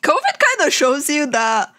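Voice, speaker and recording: A woman's voice: sits high, wildly swooping pitch, normal speed, sharp tone. A woman streamer reacting to a video, laughing often and exclaiming in disbelief. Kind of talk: casual reaction commentary.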